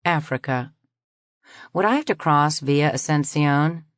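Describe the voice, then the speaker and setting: A woman narrating a science fiction audiobook in the first person, reading in a measured, even way. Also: low-pitched, no room sound, clean studio sound.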